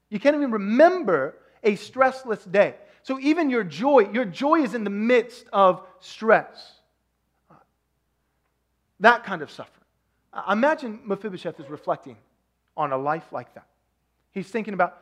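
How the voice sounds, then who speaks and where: A man from Texas with a Texan accent, preaching a sermon as pastor, swinging between loud emphasis and soft hushed asides. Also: sits high.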